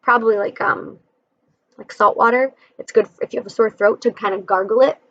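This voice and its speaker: A woman's voice: a little high, steady tone, fairly quick, dry recording, muffled recording. A woman reading a children's chapter book aloud, adding friendly explanations between passages.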